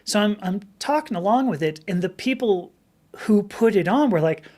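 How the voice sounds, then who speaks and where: A middle-aged woman hosting a live stream, chatting casually with viewers and telling rambling stories. Her voice is a little rough from talking for hours. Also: medium pitch, expressive, moderate pace, a little mellow. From Southern California. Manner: rambling, chatty storytelling with many restarts. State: slightly rough voice from long talking.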